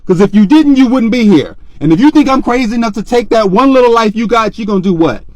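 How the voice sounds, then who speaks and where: A man telling a personal story in a casual, animated way, with a loud speaking voice, acting out the voices of other people. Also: extremely high pitch, quick pace, dry recording.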